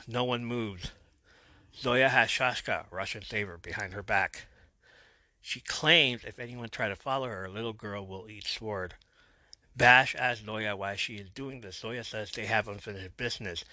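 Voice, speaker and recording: Podcast guy recapping a tv episode, kinda low but bright, dry close sound. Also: no room sound. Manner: storytelling, plays quotes lightly. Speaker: podcast host.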